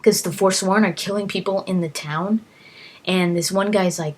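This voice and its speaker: A woman's voice: mid-range voice, steady tone, normal speed, a little mellow. A woman casually recounting a video game adventure, rambling with lots of fillers and restarts. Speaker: gaming vlogger.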